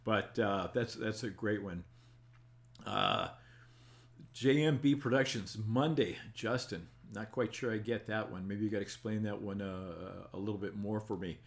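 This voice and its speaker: A man's voice: fairly low pitch, expressive, measured pace, vocal fry. Folksy older man chatting with viewers. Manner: folksy, rambling, chuckling. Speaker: talk show host reading live chat. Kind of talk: casual live-stream chat.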